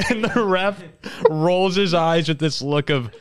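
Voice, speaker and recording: A man's voice: sits high, takes it slowly, clean tone. A man hosting a casual sports podcast, telling stories with lots of laughter. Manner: animated storyteller, laughs often. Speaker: podcast host.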